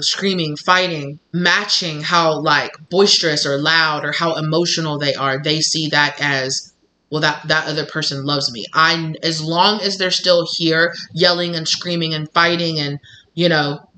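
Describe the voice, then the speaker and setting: A man reads tarot at home in an animated, chatty way, often slipping into the voices of the people he describes. His voice sits a little high and rings bright and forceful. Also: unhurried, low-quality recording. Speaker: tarot reader. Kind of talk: casual intuitive tarot reading to camera.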